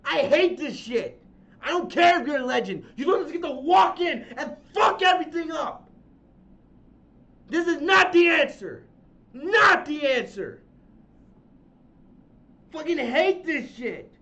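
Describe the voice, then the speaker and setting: A man hosting a wrestling review podcast, ranting angrily with shouting, exasperated questions and profanity. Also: very high-pitched, expressive, measured pace, pauses often. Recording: dull lo-fi sound.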